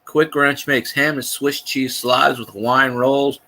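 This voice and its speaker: A man's voice: medium pitch, flat delivery, unhurried, sharp tone, rough recording. A man with a Cajun accent hosting a casual livestream, telling rambling stories with lots of restarts and the odd swear. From Louisiana. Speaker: livestream host.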